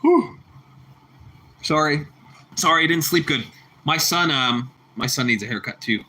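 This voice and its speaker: A man chatting on a casual livestream with a bright, forceful voice. He talks in loose, repetitive bursts and laughs easily. He calls his viewers bro and bucko. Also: a little high, moderate pace, slightly rough. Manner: laughs a lot. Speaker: livestream host reading chat.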